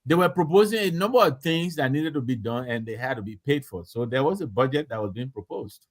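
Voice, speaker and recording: A man's voice: mid-range voice, animated, brisk. A man who speaks as a diaspora affairs official on a radio call-in show, insistent and argumentative.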